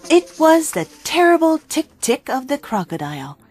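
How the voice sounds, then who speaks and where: Expressive woman reading a storybook. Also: high-pitched, moderate pace, faint music behind. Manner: dramatic, expressive narration. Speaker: storybook reader.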